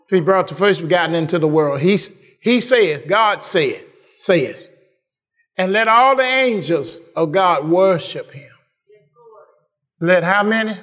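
A man preaching a sermon, repeating phrases and building to shouted praise. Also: high-pitched, expressive, unhurried.

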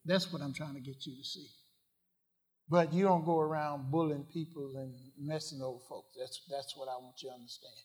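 A man preaching a sermon, asking the congregation questions and swinging from quiet asides to loud declarations. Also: on the high side, steady tone, a little fast. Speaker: pastor.

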